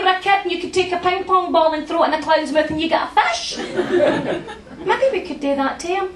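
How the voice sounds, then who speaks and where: A Glaswegian woman in her forties doing a brash, sweary, deadpan stand-up comedy set. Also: extremely high pitch, moderate pace, crowd noise. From Glasgow, Scotland. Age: 40s. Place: theatre room at a comedy festival. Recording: echoey, distant venue sound. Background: audience laughter.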